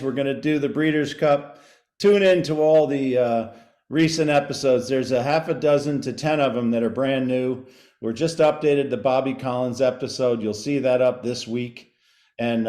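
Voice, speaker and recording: Middle-aged male co-host, mid-pitched, quick to laugh, enthusiastic, recorded in an echoey room. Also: a little mellow. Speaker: podcast co-host. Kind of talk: casual chat. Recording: roomy echo.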